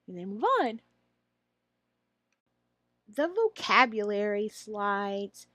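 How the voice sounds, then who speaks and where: A woman explaining how to teach a lesson, slipping into a high, drawn-out teacher voice to model phrases. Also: fairly bright tone, dry recording. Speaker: online English teacher trainer. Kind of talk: instructional walkthrough.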